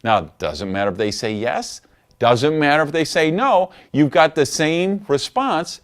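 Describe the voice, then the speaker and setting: A man giving a recorded training lesson on network marketing, coaching in an animated way and acting out phone calls. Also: on the high side, measured pace.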